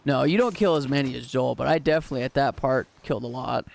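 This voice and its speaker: A man's voice: medium pitch, fast talker, gravelly. Man musing over a game stream. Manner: speculative, argues his point. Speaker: streamer playing a video game. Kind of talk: casual chat over gameplay.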